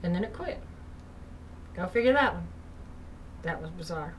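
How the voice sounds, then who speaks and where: Speaking in a lowish, expressive voice at a moderate pace, a woman tells a ghost story for her vlog from home. Her loose, casual storytelling is sprinkled with "you know," and a distant mic adds faint background hiss.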